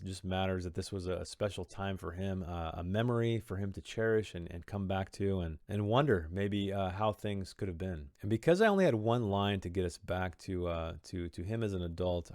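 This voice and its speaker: A man's voice: sits low, a little fast, hardly any pauses, darkish tone, no room sound, studio quality. A man talking through a story he wrote, explaining his choices in a thoughtful, rambling way with many restarts. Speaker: author discussing his own story. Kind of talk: reflective commentary on his own writing.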